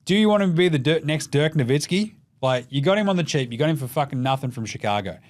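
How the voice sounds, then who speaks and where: An Australian man hosts a casual sports podcast, swearing freely and cracking jokes as he runs through his takes, animated with mocking put-on voices. His voice is on the high side and quick.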